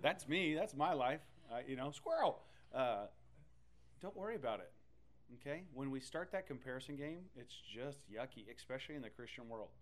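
A man preaching a sermon in an animated, conversational way, with loud bursts and playful asides. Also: medium pitch, normal speed. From Texas. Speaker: pastor.

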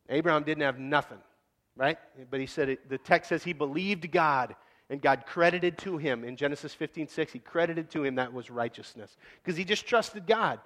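A man preaching a sermon in a casual, animated way, acting out scenes. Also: a little high, normal speed, big-room sound. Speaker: pastor.

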